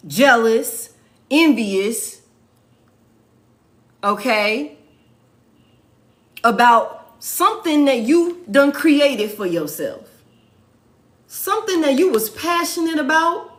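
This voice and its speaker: A woman's voice: high voice, a bit bright. A woman giving a casual tarot reading, swearing freely and repeating her points for emphasis. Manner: profane, emphatic, repeats phrases. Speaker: tarot reader.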